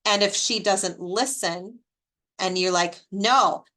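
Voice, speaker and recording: Woman teaching a caregiving class, bright tone, chatty, lots of little stories and "right?". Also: mid-range voice, slow pace. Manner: chatty and animated, with personal anecdotes and rhetorical questions. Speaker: extension educator presenting a caregiving webinar. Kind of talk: informal educational presentation.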